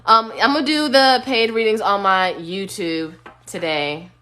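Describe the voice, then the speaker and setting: A woman's voice: medium pitch, fairly even intonation, unhurried, pushed and bright. A woman giving a casual, blunt tarot reading on a phone live stream, sometimes singing bits of songs. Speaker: tarot reader.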